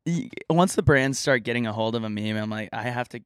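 Animated man chatting in a dry room. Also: brisk, clean tone, no room sound. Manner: animated storyteller, bursts into loud high impressions. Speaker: podcast co-host. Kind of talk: casual chat.

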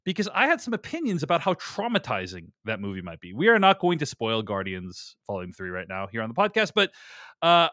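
A man's voice: mid-range voice, fairly bright tone, no room sound, clean studio sound. A man hosting a casual film podcast, talkative and prone to restarts while he reasons aloud. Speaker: podcast host.

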